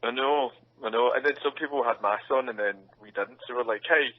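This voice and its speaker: A young man who is an actor, talking casually in an interview. He speaks at an ordinary middle pitch, laughs easily and acts out what people said. The sound is slightly muffled and lo-fi. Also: a little fast. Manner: chatty, laughs often, acts out quotes. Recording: dull lo-fi sound.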